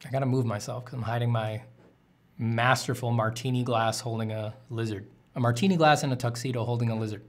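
A man's voice: mid-range voice, fairly even intonation, fairly quick. A man, an artist streaming while drawing, answering chat questions in a candid, rambling way with casual swearing.

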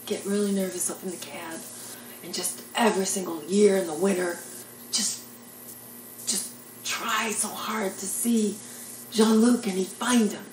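A woman's voice: mid-range voice, steady tone, measured pace, pauses often, reverberant, distant mic, slight background noise, low-quality recording. An older woman telling jokes and rambling stories in a chatty, self-deprecating way. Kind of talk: casual storytelling monologue.

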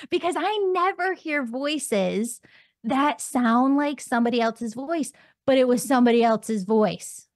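A woman podcast host talks in a loose, conversational way and fills her sentences with ums and likes. Her voice sits fairly high for a woman. It is recorded close and dry, with no room echo. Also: measured pace. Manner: chatty storyteller with frequent ums and likes.

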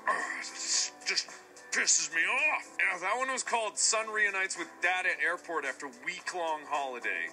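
A man with a high, lively voice reacts to clips in casual chat. He jokes with mock-grumpy, sarcastic denials. Music plays clearly under his voice. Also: moderate pace. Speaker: reaction video host. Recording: music over the voice.

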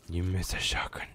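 A man's voice: low voice, fairly bright tone, a little hiss or hum. A young man commentating his own video game match at home, self-mocking and talking to his opponents. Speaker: gaming channel host.

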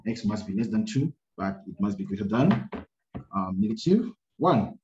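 A man teaching a maths lesson, talking his way through a graph problem out loud, with many fillers and a habit of checking "right?" after each step. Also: fairly low pitch, big pitch swings, moderate pace. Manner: thinking aloud, many fillers and repeated "right?". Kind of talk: screen-recorded maths lesson. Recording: roomy, dull lo-fi sound.

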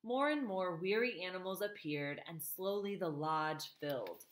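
A woman's voice: on the low side, lively intonation, unhurried. A woman reading a novel aloud, stopping for chatty asides to her listeners. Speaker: reader.

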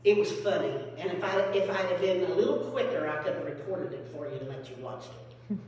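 A woman's voice: lively intonation, a little fast, a little mellow. Female pastor, folksy storytelling sermon; recorded far off in a roomy church hall with a faint hum. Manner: storytelling, acts out phone calls and quotes in a high voice. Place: church sanctuary.

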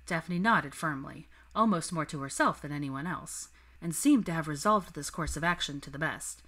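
A woman narrating a fanfiction story in a soft, even, measured way. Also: sits low. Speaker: fanfiction reader.

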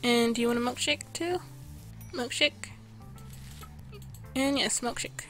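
Casting: higher-pitched woman, casual gameplay narration, game music underneath. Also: measured pace, a bit bright. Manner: chatty, reads out orders to customers while playing. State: losing her voice. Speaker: gameplay video host. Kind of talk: casual let's-play commentary.

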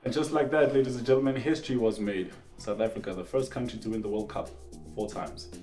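A man putting on the voice of a grand sports broadcaster, with a booming ceremonial delivery. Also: quick pace, warm tone, echoey room, faint music behind, lightly acted. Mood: triumphant. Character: grand male sports broadcaster announcing a victory.

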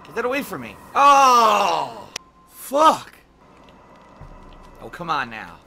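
A man shouts and curses his way through a game, his voice high and sharp, swooping up into yelps and dropping low to mutter. He breaks into sing-song teasing now and then. Game music plays faintly behind him. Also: wildly swooping pitch, a little slow, slight background noise. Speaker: gaming streamer. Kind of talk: frustrated game commentary.

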